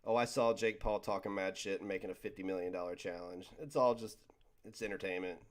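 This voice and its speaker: A man's voice: deep voice, fairly even intonation, fairly quick. A man hosting a livestream, chatting casually with his viewers, rambling and joking as he stumbles over his words. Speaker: livestream host reading chat.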